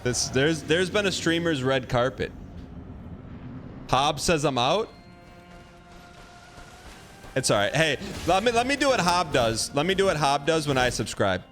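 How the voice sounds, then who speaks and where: A man streaming a game live, chatting casually with viewers in a rambling, halting, playful way. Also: on the high side, sing-song, fairly bright tone, soft background music.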